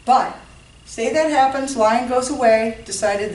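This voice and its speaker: A woman's voice: a little high, a little slow, a little mellow. A woman giving an informal lecture on health to a class, often checking in with her listeners. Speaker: health educator. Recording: roomy, distant mic, faint noise.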